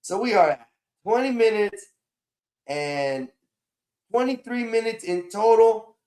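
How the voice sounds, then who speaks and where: A man's voice: high voice, slow pace, a little mellow. A man hosting a livestream, scolding and preaching in an emphatic way, often repeating his words. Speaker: livestream host. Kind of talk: casual livestream talk.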